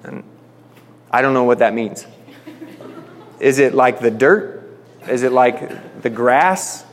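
A man casually teaching a Bible passage, reading verses aloud and then paraphrasing them in relaxed everyday slang. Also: medium pitch, takes it slowly, in a large hall, a little hiss or hum.

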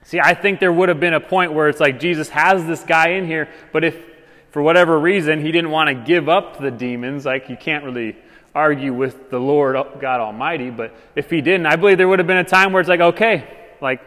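Pastor, male, chatty conversational preacher, slightly high pitch, church hall echo. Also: fairly even intonation, brisk, a bit bright. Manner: casual, conversational preaching with many fillers. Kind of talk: sermon. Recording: long reverb of a church hall.

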